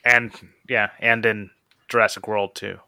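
A young man co-hosting a casual podcast chat, reading out listener questions and joking with quick laughs. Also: lowish voice, level tone, bright, forceful tone, no echo. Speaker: podcast co-host.

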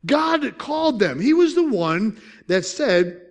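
A man's voice: high-pitched, expressive, moderate pace. A man pastor preaching a sermon in a conversational way, with joking asides and questions to the congregation.

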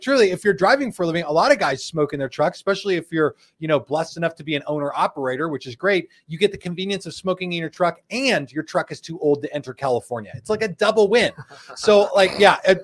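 A man hosting a casual live stream, chatting and joking as he reads viewer comments aloud. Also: on the high side. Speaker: host. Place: studio in Phoenix.

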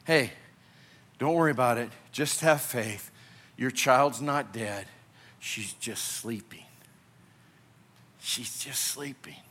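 A man voicing a gentle, calm Jesus comforting a grieving father, speaking in a low, half-whispered hush. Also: takes it slowly, pauses often. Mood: tender.

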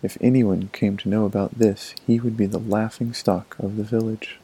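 A man narrating a folk tale in a measured, expressive storybook manner. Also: fairly low pitch, breathy edge, poor audio.

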